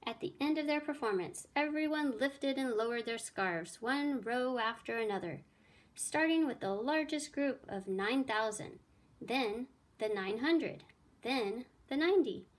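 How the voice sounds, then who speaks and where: Woman reading a story aloud. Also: a little high. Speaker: teacher. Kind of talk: children's read-aloud.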